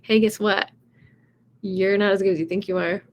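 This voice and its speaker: A woman's voice: medium pitch, steady tone, moderate pace, highs cut off, close to an everyday voice. A woman voicing a nagging male gremlin of self-doubt who needles and taunts. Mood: taunting.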